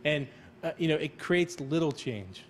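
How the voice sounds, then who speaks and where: A man's voice: a little high, animated, measured pace, a little hiss or hum. A middle-aged man, a school counselor, talking casually on a panel, rambling and repeating words as he reassures parents.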